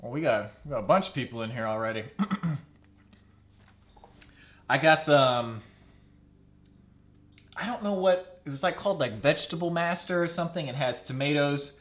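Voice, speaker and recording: Chatty young man with a lively voice. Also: fairly high pitch, moderate pace, long pauses. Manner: chatty, rambling, often laughing. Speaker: streamer. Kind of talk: casual live-stream chat.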